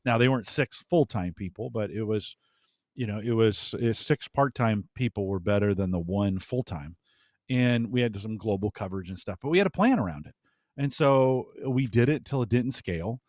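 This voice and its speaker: A man talking as a guest in a casual podcast chat, animated and often chuckling, with frequent restarts. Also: fairly low pitch, moderate pace, dry recording, studio quality.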